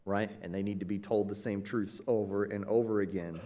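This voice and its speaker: A man preaching an expository Bible lesson in a conversational way, often pausing with "uh" and checking in with "right?". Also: on the low side, steady tone, warm tone. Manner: conversational, frequent "uh" and "right?" tag questions. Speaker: pastor.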